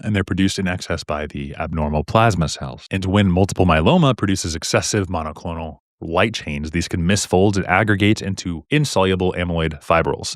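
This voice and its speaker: A man's voice: low-pitched, dry recording, clean studio sound. A young man teaching medical exam topics in a chatty, joking lecture style, full of rhetorical questions. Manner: fast, chatty, jokey, asks rhetorical questions. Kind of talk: casual recorded lecture.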